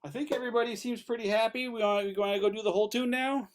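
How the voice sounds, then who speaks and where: A man's voice: sits high, steady tone, very fast, a little hiss or hum. A man teaching an online fiddle lesson, upbeat and encouraging, explaining bowing and counting the class in.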